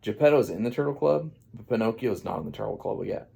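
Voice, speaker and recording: A man rambling through an absurd comic retelling of a fairy tale, with deadpan asides. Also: fairly low pitch, fast talker, vocal fry, slightly rough. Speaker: comedian storyteller.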